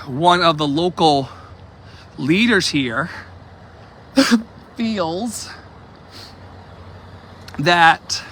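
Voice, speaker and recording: A man with a slightly high, bright and forceful voice vlogs as he walks outside, a bit of hiss or hum underneath. The activist's impassioned street vlog is emphatic and repetitive, with remarks thrown to his viewers.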